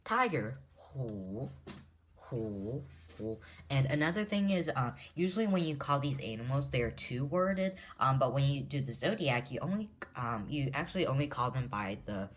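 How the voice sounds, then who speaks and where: A woman teaching a language lesson in a casual way, repeating words slowly syllable by syllable. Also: rumbling low, lively intonation.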